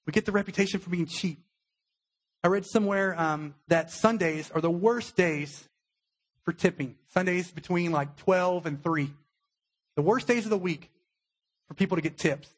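A young adult man, a pastor, giving a conversational sermon with a husky voice and acted-out quotes. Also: high voice, normal speed, pauses often. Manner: conversational preaching with acted-out quotes, emotional at times.

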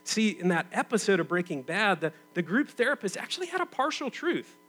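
A man in his thirties preaching in a relaxed, conversational way, with a voice sitting a bit high for a man. He leans hard into some phrases, then drops low and quiet to draw listeners in. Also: brisk, low-quality recording. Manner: conversational, swings from loud emphatic bursts to quiet intimate tones. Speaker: pastor. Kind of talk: sermon.

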